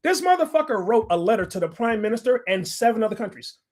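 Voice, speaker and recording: A man's voice: high voice, sing-song, fast talker, darkish tone. A man in his forties from the United States, ranting bluntly and profanely in heated livestream commentary. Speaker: livestream host, general contractor.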